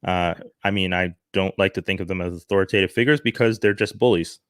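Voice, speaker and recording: A man's voice: sits low, fast talker, dry recording. Earnest man from Canada, dry close mic. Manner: earnest, animated, with frequent restarts. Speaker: commentary vlogger. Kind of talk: opinion commentary monologue.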